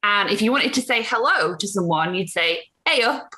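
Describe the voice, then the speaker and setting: A woman's voice: medium pitch, normal speed, bright, forceful tone. A woman from England with a Yorkshire accent, chatting as a podcast guest. She laughs easily and sounds cheerful. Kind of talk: casual interview chat.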